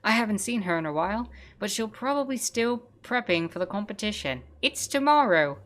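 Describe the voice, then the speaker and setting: A woman's voice: mid-range voice, lively intonation, brisk, fairly bright tone, close to an everyday voice. A woman voicing Martin, a jumpy cranky king. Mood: nervous. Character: cranky sleepless self-declared island king, male.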